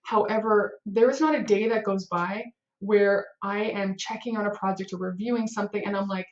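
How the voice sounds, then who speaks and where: The head of a web development team, a woman, gives casual advice to camera in a rambling way, packed with fillers and acted-out bursts of inner panic. Her voice is medium-pitched and steady at a moderate pace, and the sound is lo-fi.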